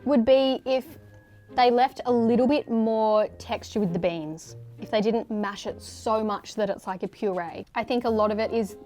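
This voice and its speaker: A woman's voice: a little high, normal speed, dark tone, faint music behind. A woman, a chef talking through a recipe and giving direct tasting critiques in an upbeat way. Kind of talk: casual cooking demo.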